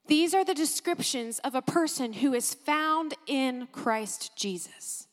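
A woman preaching a sermon, animated and emphatic, exclaiming and repeating phrases for emphasis. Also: high-pitched, slow pace, hardly any pauses, in a large hall. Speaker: pastor.

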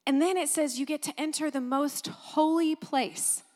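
A woman preaching a sermon, animated and emphatic, exclaiming and repeating phrases for emphasis. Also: sits high, moderate pace, in a large hall. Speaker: pastor.

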